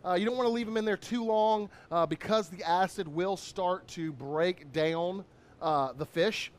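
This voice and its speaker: A man's voice: sits high, unhurried. A man, a chef doing a live cooking demo in an upbeat, chatty way. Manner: upbeat, chatty, lots of shout-outs.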